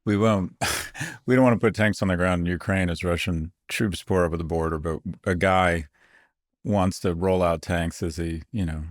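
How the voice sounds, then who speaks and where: A man's voice: sits low, steady tone, moderate pace, dry recording, studio quality. A man co-hosting a podcast, making sardonic, crude jokes in casual chat. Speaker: podcast co-host.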